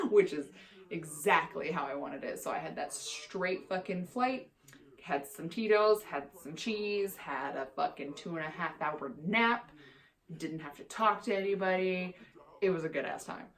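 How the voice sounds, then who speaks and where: A young woman with a slightly low-pitched voice tells a storytime vlog in a candid, exasperated way. She swears freely and keeps things casual and chatty. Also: expressive, unhurried. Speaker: vlogger.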